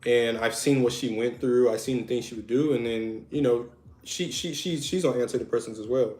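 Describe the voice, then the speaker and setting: A man's voice: medium pitch, a little fast, a little mellow, roomy sound. A man co-hosting a podcast in casual chat, talking candidly with many restarts and "you know"s. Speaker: podcast co-host.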